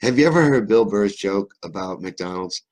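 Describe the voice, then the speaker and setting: A man's voice: fairly low pitch, expressive, normal speed, darkish tone. A young man with a faint Southern US accent, hosting a live stream and chatting loosely through viewer comments, joking and swearing freely as he rambles. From Kentucky, USA. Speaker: livestream host. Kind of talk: casual live-stream chat reading comments.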